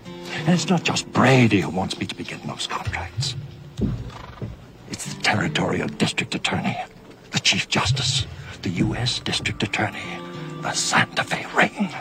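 A menacing older Irish villain. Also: male voice, lowish voice, sing-song, normal speed, music in the background. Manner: menacing, theatrical, overacted. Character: older male villainous frontier store boss. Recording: film clip with loud score behind.

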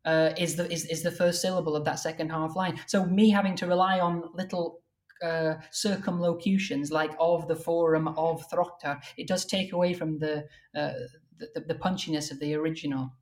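A woman with a somewhat low voice talks through the craft of translating old verse. Her explanations are careful and thorough, and she slows right down to read poetry aloud. It sounds like an academic conversation. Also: fairly even intonation, a little mellow. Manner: careful and explanatory, reads verse lines slowly and deliberately.

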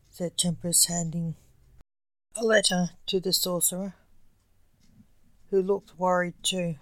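Slow, low-voiced woman storyteller. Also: little pitch movement, no room sound. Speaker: podcast storyteller. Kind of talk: scripted story narration.

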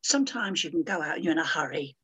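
An older woman in her seventies, a guest who talks bluntly and bawdily and throws herself into the voices of the people she quotes. Her voice is husky and slightly breathy. Her pitch swings widely from phrase to phrase. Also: animated, fast, fairly bright tone, no room sound, highs cut off. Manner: blunt, bawdy and theatrical, acting out quoted voices. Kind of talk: casual interview chat.

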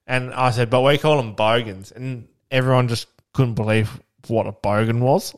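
A man's voice: mid-range voice, steady tone, normal speed, clean tone. An Australian man co-hosting a podcast over a video call, telling rambling anecdotes with plenty of swearing. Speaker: podcast co-host. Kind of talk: casual chat.

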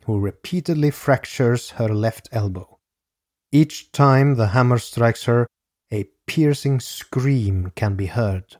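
A man reading a scripted true crime narration in a measured, grave way, as a podcast host. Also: mid-range voice, a little mellow, dry recording, studio quality.

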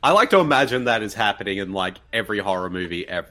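A man's voice: on the low side, lively intonation, quick pace, pushed and bright. A man co-hosting a casual comedic commentary on a horror movie, joking and laughing often. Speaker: co-host riffing on a horror movie.

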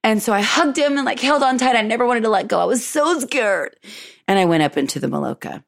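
A woman hosting a show, chatting warmly through a personal story, laughing often and acting out what people said. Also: a little high, fast, vocal fry. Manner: effusive and chatty, laughs often, retells dialogue. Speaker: podcast host.

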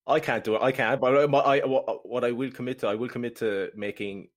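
A man's voice: mid-range voice, fairly even intonation, fast talker. A man co-hosting a casual podcast, joking and self-deprecating, often restarting his sentences. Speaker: podcast co-host. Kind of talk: casual chat.

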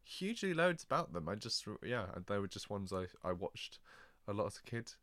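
A man co-hosting a casual podcast chat in a relaxed, easygoing way. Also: fairly low pitch, fairly quick, dry recording. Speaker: podcast co-host.

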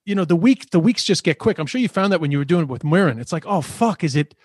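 The male podcast host has a slightly high, breathy-edged voice and a rapid-fire delivery, heard in clean studio sound without echo. Chatting casually, he swears nonstop and rants with lively energy.

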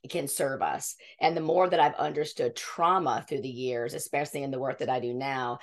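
Low-voiced woman in her fifties. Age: 50s. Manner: earnest, rambling, with frequent restarts. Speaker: podcast guest. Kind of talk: conversational interview storytelling.

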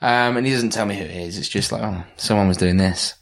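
A man's voice: on the low side, fast talker, creaky. A young man chatting casually, telling a long story with many fillers and restarts. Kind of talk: casual chat.

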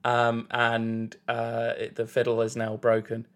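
A man co-hosting a comedy quiz podcast, telling absurd stories in a deadpan way. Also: mid-range voice, unhurried. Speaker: podcast co-host.

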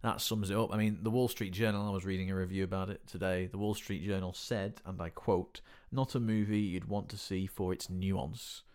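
An easygoing man sits in as a guest on a casual film chat, his voice a little low. He speaks in a relaxed way and agrees readily, often keeping his replies short. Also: a little fast, few pauses, smooth.

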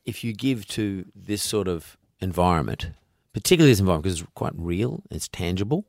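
Deep-voiced Australian man, emphatic and folksy. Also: animated, fairly quick, a little mellow, no echo, clean studio sound. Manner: emphatic, folksy, repeats himself. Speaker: podcast host. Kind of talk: casual interview chat.

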